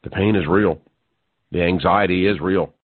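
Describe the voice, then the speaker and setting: A man's voice: low-pitched, fairly even intonation, moderate pace, slightly rough, no echo. A male radio talk show host delivering a sarcastic, mocking monologue that builds to incredulous outbursts. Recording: tinny phone-like dry sound.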